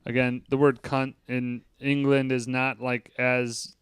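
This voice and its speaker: A man's voice: mid-range voice, level tone, slow, smooth, dry recording, studio quality. A man co-hosting a casual movie-review podcast, rambling and swearing freely as he talks. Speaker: podcast co-host.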